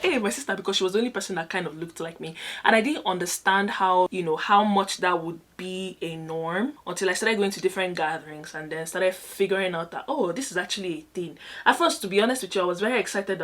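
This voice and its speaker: A woman's voice: lowish voice, a bit bright. A young Nigerian woman with a Nigerian accent, chatting animatedly and laughing often as she tells a story while doing her makeup. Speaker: vlogger.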